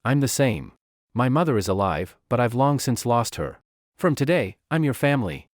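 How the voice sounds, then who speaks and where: A man's voice: medium pitch, very animated, moderate pace, dry recording, studio quality. A man voicing an obsessive, lovestruck young woman with fire powers, talking in a clingy, possessive way. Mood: adoring. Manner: clingy, pleading then coldly possessive.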